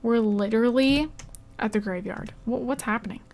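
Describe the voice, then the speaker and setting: A young woman hosts casual let's play commentary in a slightly high voice. She reacts with quick exclamations and talks straight to the characters on her screen, urging and comforting them as she plays. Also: darkish tone. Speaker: gaming channel host.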